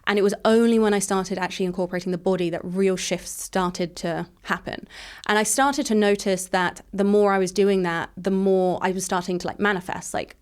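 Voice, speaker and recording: A woman in her thirties from England, telling her personal story as an interview guest in a frank, rapid way, full of "like" fillers. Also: mid-range voice, fairly even intonation, clear, resonant tone.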